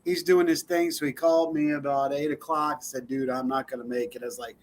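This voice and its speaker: A man's voice: mid-range voice, steady tone, fairly quick, a little hiss or hum. A man co-hosting a live-stream talk show, chatting casually with a loose, laughing, filler-heavy delivery. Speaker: co-host.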